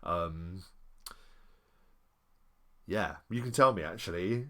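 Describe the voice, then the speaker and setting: A man's voice: low-pitched, normal speed, fairly bright tone. A man chatting casually on a live stream, reading an old game module and answering his chat politely. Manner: chatty, rambling, apologetic, polite.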